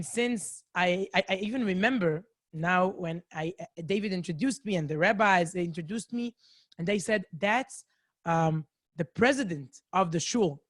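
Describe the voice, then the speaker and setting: A woman's voice: lowish voice, no room sound, studio quality. A woman from Israel with an Israeli accent, giving a chatty, self-mocking talk to a community over a video call. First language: Hebrew. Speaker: guest lecturer. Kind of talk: lively storytelling talk to a community. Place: home in a city, indoors.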